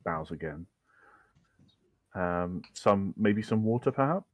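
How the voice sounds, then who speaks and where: A man playing a tabletop game, speaking gently and hesitantly with fillers. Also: low-pitched, animated, slow pace, dry recording. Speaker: player. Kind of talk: casual tabletop game play.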